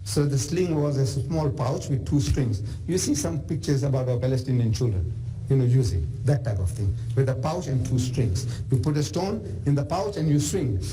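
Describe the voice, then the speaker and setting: A South African man lectures with animated, chatty storytelling, his voice swinging widely. The tone is mellow and slightly raised. Faint background hiss sits under him. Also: fairly high pitch, poor audio. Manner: animated, conversational asides. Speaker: Islamic lecturer.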